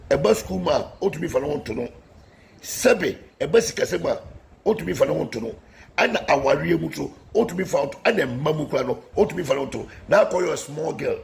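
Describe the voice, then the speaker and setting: A man's voice: on the high side, gravelly, a little hiss or hum. A man delivering a heated political rant, combative and scolding, repeating warnings at his critics. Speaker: political commentator.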